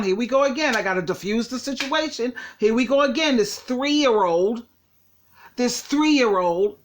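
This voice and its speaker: Brief: older woman, chatty co-host, a bit high-pitched, agreeable storytelling. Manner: chatty, agreeable, laughs along. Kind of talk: casual chat.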